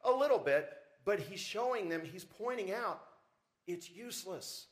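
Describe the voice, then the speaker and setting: Preaching a sermon, a pastor speaks in an expressive, high voice, a little slowly. Rhetorical questions to the congregation come often, along with rising emphasis. The clip is from a church service recording.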